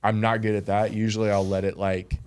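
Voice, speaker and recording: Male guest, very low voice, earnest reflective chat. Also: flat delivery, a little fast, a little mellow, clean tone. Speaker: podcast guest. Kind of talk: casual conversation.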